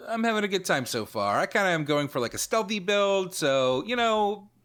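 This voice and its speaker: A man's voice: high voice, sing-song, normal speed, a bit bright, clean tone. A man hosting a podcast in casual chat, talking in an easygoing, rambling, self-mocking way. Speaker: podcast host.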